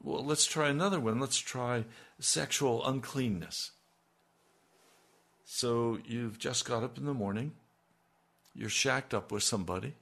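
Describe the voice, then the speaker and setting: A man's voice: mid-range voice, unhurried, creaky, pauses often, fairly bright tone. A man preaching a sermon, asking his listeners pointed rhetorical questions and building to emphatic peaks.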